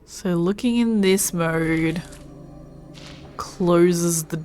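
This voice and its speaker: A woman's voice: fairly low pitch, drawn-out words, mellow, faint music behind. A woman streaming a video game, thinking aloud and musing to herself as she plays. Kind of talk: casual gameplay commentary.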